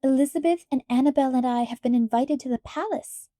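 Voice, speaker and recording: An eager young girl bursts out her words in a raised, lifted voice, as a woman reader puts her on. The tone stays mellow and dark rather than bright, and the sound is close and dry. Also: high voice, brisk, dry recording, natural voice. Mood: eager pleading. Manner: eager, exclaiming.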